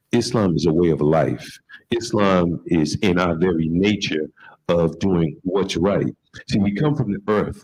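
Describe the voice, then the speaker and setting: A man answering as a panelist in a calm, emphatic, preaching way. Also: deep voice, slightly rough, rough recording.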